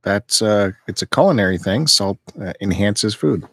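A man's voice: lowish voice, normal speed. A man co-hosting a casual podcast from home, chewing food as he talks and trading light banter. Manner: chewing while talking, relaxed banter. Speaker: podcast co-host. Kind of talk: casual chat.

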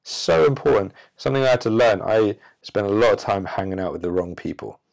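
A man's voice: lowish voice, animated, a little fast, vocal fry, a little mellow. A man hosting a solo podcast, speaking in a blunt, profane and preachy way. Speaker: podcast host.

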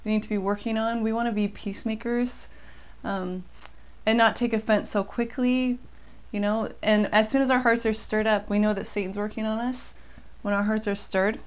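Brief: woman co-host, calm and agreeable, mid-pitched, easy conversational tone. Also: normal speed, smooth. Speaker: co-host teaching scripture. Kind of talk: casual scripture study chat.

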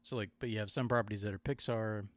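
A man's voice: on the low side, fairly even intonation, fast, no echo. A man hosting a podcast in casual chat, rambling and digressing, often correcting himself mid-sentence. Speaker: podcast host.

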